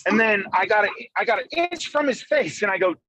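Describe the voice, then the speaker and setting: High-pitched man swearing through a story. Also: fairly quick, slightly rough, rough recording. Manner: profane, excitable storyteller. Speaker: podcast co-host. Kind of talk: casual storytelling chat. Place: in a car, driving.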